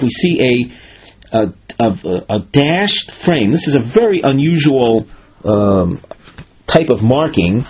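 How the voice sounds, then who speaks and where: A man giving a measured, explanatory Talmud lesson, walking through a marked text with frequent fillers and restarts. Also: medium pitch, husky. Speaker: Talmud teacher. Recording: dull lo-fi recording.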